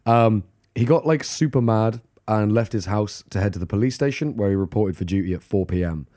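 A man's voice: fairly low pitch, brisk, mellow. A man co-hosting a casual true-crime podcast, joking and swearing as he tells the story. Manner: jokey, swears, breaks into laughter and mock voices. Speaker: podcast co-host.

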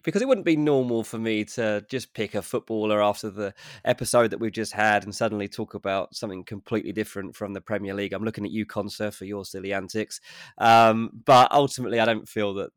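A man's voice: fairly low pitch, no echo, clean studio sound. A man co-hosting a casual podcast, presenting a segment in an upbeat, teasing way. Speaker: podcast co-host. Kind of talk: casual chat.

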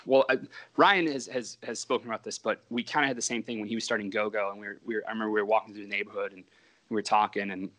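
Bright-voiced man, rambling storyteller. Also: on the low side, fairly even intonation, very fast. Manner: rambling, self-interrupting. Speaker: comic book writer. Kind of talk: casual interview storytelling.

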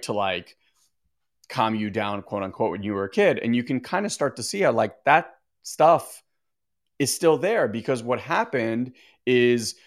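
A man's voice: medium pitch, fairly bright tone. A man speaking casually on a live stream as a meditation teacher, rambling and reading out viewer comments. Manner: rambling and conversational, often restarting sentences. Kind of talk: casual livestream talk to viewers.

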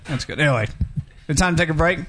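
A man's voice: on the high side, animated, quick pace, fairly bright tone, a little hiss or hum. A man hosting a comedy radio show, rambling and tripping over his words in loose banter.

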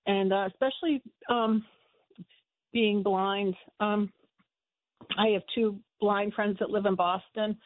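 A woman calls in to a radio show, speaking softly and with heartfelt feeling. Her words come haltingly, filled with small pauses. The sound is thin and tinny, as if over a phone line. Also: mid-range voice, steady tone, no echo. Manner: heartfelt, soft, many "um"s. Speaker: caller. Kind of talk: call-in radio. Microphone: telephone.

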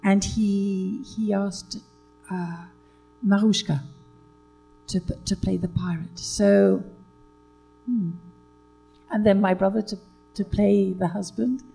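Older British woman, gravelly dark voice. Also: mid-range voice, fairly even intonation, slow pace, long pauses, soft background music, rough recording. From Britain. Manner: hesitant, many fillers and restarts, breaks into laughter. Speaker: interview guest, actress. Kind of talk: relaxed anecdotal chat.

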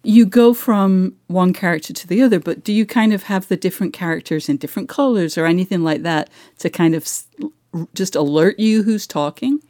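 A woman interviewing a guest, curious and given to long winding questions. Her voice is somewhat low and mellow, heard dry and close. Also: fairly quick, dry recording. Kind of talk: interview conversation.

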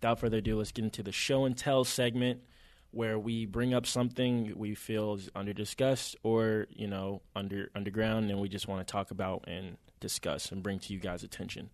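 Man, podcast co-host, casual chat, slangy and animated, dry close sound. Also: on the low side, a little fast, no echo. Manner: animated storytelling, heavy swearing and slang.

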